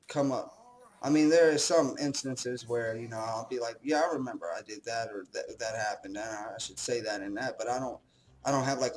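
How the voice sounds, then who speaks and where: A man's voice: mid-range voice, rough recording. Rambling young man, casual commentary. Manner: rambling, self-deprecating, swears casually. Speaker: host.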